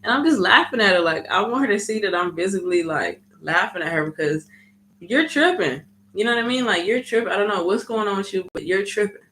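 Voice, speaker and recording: A woman's voice: medium pitch, lively intonation, brisk, a bit bright. Chatty woman in an echoey room. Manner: chatty, full of "like" and "you know". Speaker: vlogger. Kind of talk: casual storytime.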